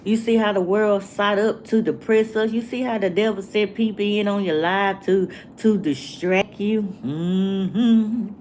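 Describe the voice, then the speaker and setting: A woman, talking to her livestream viewers in a slow, preachy way and asking the same rhetorical questions over and over. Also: medium pitch, fairly even intonation, a little mellow, slight background noise. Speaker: vlogger. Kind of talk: casual livestream rant.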